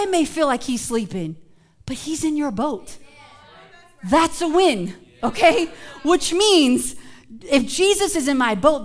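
A high-pitched woman pastor delivers a sermon in a relaxed, conversational style, moving from hushed passages to emphatic shouts.

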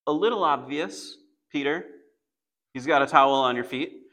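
A man teaching a Bible passage in a conversational sermon, rising into animated bursts as he retells the story. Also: medium pitch, moderate pace. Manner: conversational, animated when voicing Peter.

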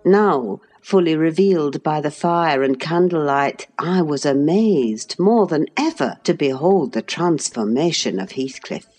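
Slow, expressive woman reading a classic novel. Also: low-pitched, soft background music. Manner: measured, expressive storytelling. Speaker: audiobook narrator. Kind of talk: classic novel read aloud.

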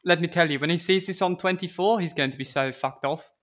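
A man's voice: fairly high pitch, fast, a bit bright, natural voice. A man putting on a hammy Cockney-style voice to play a scheming male terrorist villain, for comic effect. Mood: menacing, hammy. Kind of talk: comedic impression.

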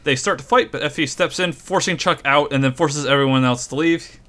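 Male co-host, bright tone, summarizes plot in relaxed chat with fillers. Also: on the high side, a little fast. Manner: reads plot summary with many ums and uhs. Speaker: podcast co-host recapping episodes. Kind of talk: casual recap chat.

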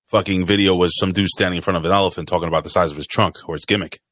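A man's voice: deep voice, fairly even intonation, racing, fairly bright tone, no echo, studio quality. A man co-hosting a podcast, chatting bluntly and casually with profane banter. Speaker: podcast co-host.

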